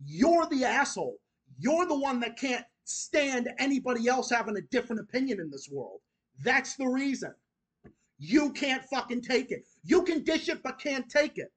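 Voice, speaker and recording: A man's voice: very high voice, big pitch swings, normal speed, fairly bright tone. A man hosting his own channel, delivering an angry, profane, repetitive rant that goes straight at his critics. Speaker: channel host.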